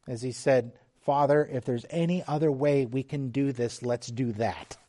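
A middle-aged man preaching a sermon, slow and emphatic, dropping suddenly to quiet, hushed lines. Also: medium pitch. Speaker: pastor.

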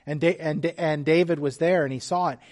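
A man preaching a sermon as pastor, earnest and measured, with restarts and small asides. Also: on the high side, steady tone, a little mellow.

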